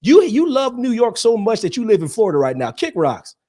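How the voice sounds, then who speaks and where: A man co-hosting a casual podcast, his voice sitting a little high and swinging widely as he talks. He teases his friend, reads stories aloud and laughs often. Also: brisk. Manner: laughs often, teasing, animated delivery. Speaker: podcast co-host.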